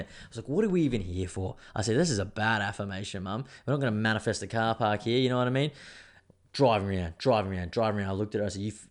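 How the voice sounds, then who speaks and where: A young adult man, hosting a podcast in a rambling, sweary, laid-back casual chat. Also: fairly low pitch. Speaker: podcast host.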